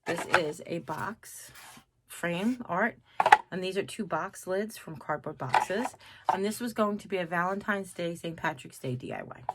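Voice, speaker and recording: A woman's voice: fairly low pitch, lively intonation, unhurried, heavy background noise. Chatty, rambling woman craft vlogger. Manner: chatty, self-mocking, rambling. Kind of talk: casual vlog talk to viewers.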